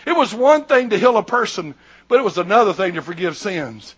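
A man's voice: sits high, lively intonation, quick pace, fairly bright tone, muffled recording. A man in his sixties, a pastor preaching a sermon in an emphatic, repetitive, conversational way.

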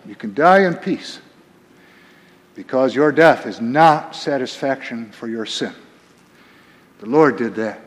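A man preaching a sermon as pastor, emphatic, swinging between quiet and raised passages. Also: medium pitch, lively intonation, slow pace, pauses often, long reverb tail.

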